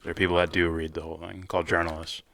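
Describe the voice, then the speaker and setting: A man's voice: sits low, flat delivery, rapid-fire, gravelly, fairly bright tone. A man co-hosting a podcast, reacting to a video with crude jokes and frequent laughter. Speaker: podcast co-host. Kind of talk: casual chat reacting to a video.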